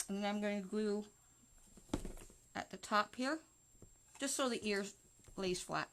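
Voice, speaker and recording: Bright chatty Canadian woman crafter. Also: medium pitch, unhurried. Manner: chatty, talks to viewers while working. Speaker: wreath-making livestream host. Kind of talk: casual live crafting tutorial.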